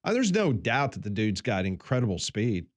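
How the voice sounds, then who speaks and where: A man's voice: fairly low pitch, very animated, normal speed. A man co-hosting a morning sports talk radio show, laying out the news with asides. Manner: chatty, explains the news with asides.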